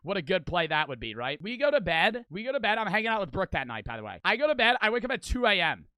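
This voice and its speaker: A young man telling a crude story in casual, profane, animated fashion. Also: high voice, fast, no echo. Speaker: streamer.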